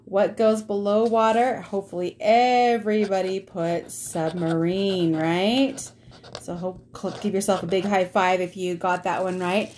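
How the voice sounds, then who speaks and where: A middle-aged woman teaching a fourth grade reading lesson remotely, friendly and chatty, calling her students guys, with upbeat bursts of excitement. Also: medium pitch.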